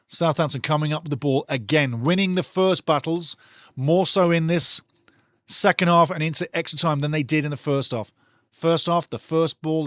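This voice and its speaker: A middle-aged man giving energetic live watch-along football commentary, chatty and jumping between play-by-play and personal stories. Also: on the high side, no room sound, clean studio sound.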